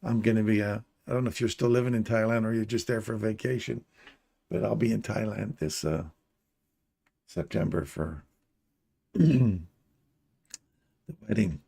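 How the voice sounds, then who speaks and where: Male trading-stream host from Canada, dark mellow voice with some fry, casual running commentary to chat. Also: fairly low pitch, normal speed, pauses often. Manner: chatty, pointing at charts and greeting viewers.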